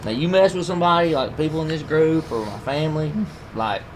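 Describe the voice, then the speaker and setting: A man telling a story among friends, animated, laughing often and acting out what others said. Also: fairly high pitch, brisk. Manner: animated, laughing, acts out quoted lines. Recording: noisy room ambience.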